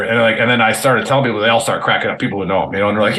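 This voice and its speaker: A man with a bright, forceful voice tells army stories on a podcast. His delivery is loose and rambling, full of swearing, false starts and filler words. His pitch sits at an ordinary middle level for a man. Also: racing, hardly any pauses. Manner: rambling, profane, many fillers and restarts. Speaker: army veteran telling war stories. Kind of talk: casual podcast storytelling.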